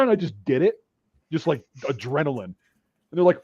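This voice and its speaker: A man hosting a casual talk, telling a profane story and acting out drill sergeants' shouts. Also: high-pitched, fast talker, no room sound, highs cut off. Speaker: podcast host.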